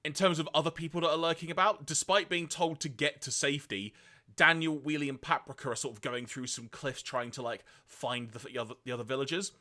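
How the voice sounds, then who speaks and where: A man co-hosting a podcast, retelling episodes in a lively way and acting out quoted lines. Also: a little fast. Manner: lively storytelling, acts out quoted lines in high voices. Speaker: podcast co-host. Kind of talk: casual podcast recap.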